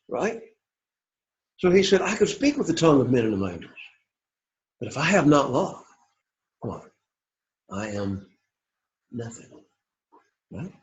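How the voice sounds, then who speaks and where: A man's voice: a little high, darkish tone. A man teaching an introductory Greek class in a classroom, repeating phrases and often checking in with "right?" and "okay?". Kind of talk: classroom lecture. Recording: roomy classroom, dull lo-fi sound.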